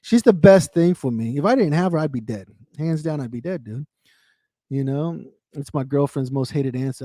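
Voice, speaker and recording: A man's voice: a little high, animated, normal speed, darkish tone, no room sound, clean studio sound. A man talking candidly on his own livestream, swearing freely, repeating himself and speaking to viewers by name. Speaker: livestream host. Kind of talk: casual emotional chat.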